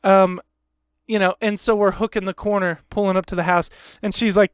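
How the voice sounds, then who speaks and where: Heated, high-voiced man ranting. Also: steady tone, a little fast, clean tone, dry recording, clean studio sound. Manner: heated, profane, repetitive. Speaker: podcast host. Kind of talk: casual ranting monologue.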